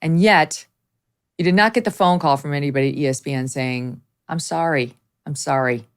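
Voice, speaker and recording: A woman's voice: low voice, lively intonation, a little fast, clean tone. A woman hosting an interview, responding with sympathy and emphasis. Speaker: host.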